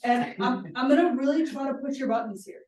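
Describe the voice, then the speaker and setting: A woman facilitating a workshop. She leads calm guided exercises and often checks in with a questioning "right?". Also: sits high, fairly quick. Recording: roomy sound from a distant mic.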